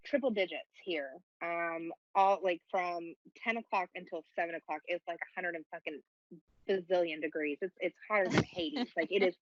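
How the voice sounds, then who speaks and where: Young woman on a podcast, animated storyteller, swears a lot, kinda muffled dry audio. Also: on the low side, normal speed, dry recording. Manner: animated, profane, self-mocking storyteller. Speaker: podcast co-host. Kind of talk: casual storytelling chat.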